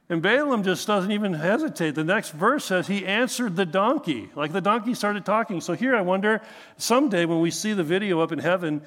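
A male pastor preaching in a relaxed, joking way, firing off rhetorical questions. His voice sits a little high for a man. A long reverb from a large church hall trails after his words. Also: fairly quick. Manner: conversational, humorous, asks rhetorical questions. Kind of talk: sermon.

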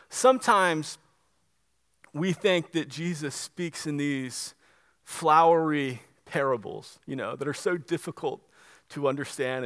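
A pastor with a high, slightly bright voice preaches conversationally to his congregation, driving his points home with emphasis and repeatedly posing rhetorical questions.

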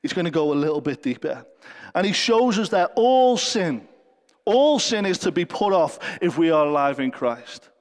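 Man preaching, high voice, earnest, conversational, long hall reverb. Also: very animated, moderate pace. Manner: earnest, conversational, with light jokes. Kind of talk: sermon. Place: church service.

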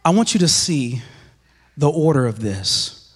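A man delivering a sermon, his voice sitting a bit high and ringing out with a long church reverb. He presses his points through repetition and sinks into quiet, hushed passages between the louder lines. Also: big pitch swings, measured pace, husky. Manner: emphatic, repeats phrases, drops to hushed lows. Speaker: preacher.

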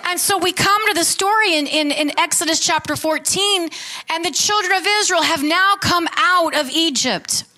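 Bright, high-voiced woman preaching. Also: normal speed. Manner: fervent, asks the congregation questions. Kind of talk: sermon.

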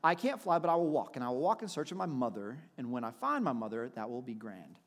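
A man voicing a small lost baby bird searching for its mother, read in a soft, earnest storybook way. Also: mid-range voice, very animated, fast talker, long reverb tail, pitched below the performer's own voice.

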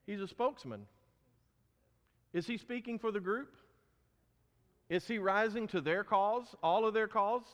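A man's voice: high voice, a little slow, long pauses, fairly bright tone, big-room sound. A man preaching a sermon, emphatic and asking his listeners questions as he teaches. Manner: emphatic, asks the congregation questions. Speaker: pastor.

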